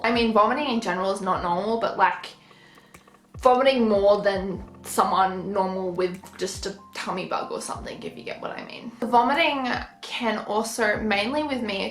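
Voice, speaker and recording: A woman's voice: medium pitch, reverberant, low-quality recording. A woman vlogger talking casually to camera, tired and out of breath, chatty and apologetic.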